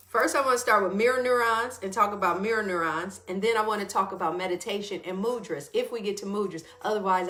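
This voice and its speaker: A woman hosting a casual wellness livestream, talking loosely to her viewers and greeting them by name as she goes. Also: mid-range voice. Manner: warm, chatty, greets viewers by name mid-talk.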